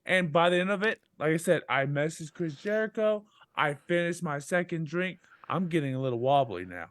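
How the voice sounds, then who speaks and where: A man co-hosting a podcast in a loose, joking manner. His voice sits a bit high, and the sound is dry and close with no room around it. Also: normal speed, no echo. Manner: joking, animated storytelling about drinking. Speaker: podcast co-host. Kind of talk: casual chat.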